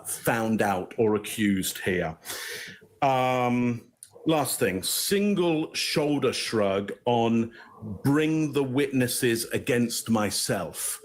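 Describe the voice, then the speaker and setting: A man in his fifties giving measured, explanatory commentary as a body language analyst. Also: medium pitch. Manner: explanatory, measured, occasional chuckles.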